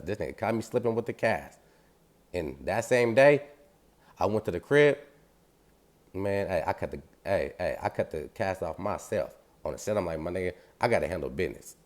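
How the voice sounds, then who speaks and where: A man telling a story in casual street slang, animated and acting out the sounds. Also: deep voice.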